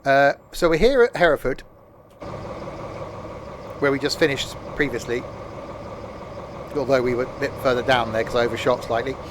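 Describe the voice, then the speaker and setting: A man's voice: mid-range voice, normal speed, long pauses, background noise. A man giving casual, jokey gameplay commentary while streaming, rambling and trailing off mid-sentence. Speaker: game streamer.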